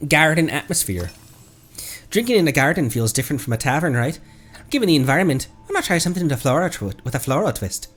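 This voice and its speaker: Casual male streamer, animated pitch, rambling and self-correcting, faint music underneath. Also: fast talker. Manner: chatty, rambling, self-correcting, laughs easily. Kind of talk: casual gameplay chat.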